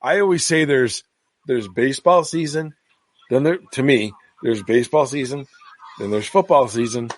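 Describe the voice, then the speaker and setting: A man's voice: medium pitch, normal speed. A man co-hosting a podcast, chatting agreeably about a film and often backing up his partner. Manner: agreeable, chatty, frequent affirmations. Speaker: podcast co-host. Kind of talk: casual film commentary chat.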